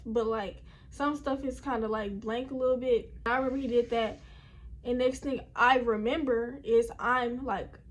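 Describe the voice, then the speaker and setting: A young woman telling a personal story at home in a casual, rambling way, often talking straight to her viewers. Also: high-pitched. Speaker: vlogger. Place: indoors at home.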